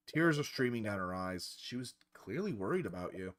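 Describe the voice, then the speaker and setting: A man's voice: fairly low pitch, moderate pace, hardly any pauses. A man streaming a visual novel, reading its narration aloud. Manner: expressive narration. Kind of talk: reading game text aloud.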